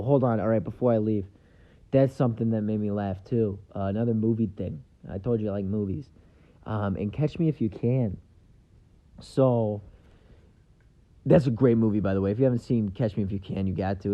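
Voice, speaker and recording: A man's voice: lowish voice, muffled recording. A man hosting his own podcast, talking in a loose, rambling way with lots of fillers and an offhand tone. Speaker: podcast host. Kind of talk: casual solo podcast monologue.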